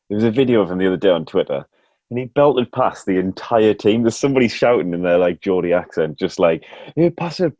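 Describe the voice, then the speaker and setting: A man's voice: on the low side, darkish tone, no room sound. A man hosting a casual sports podcast, chatty and self-mocking, laughing often. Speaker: podcast host.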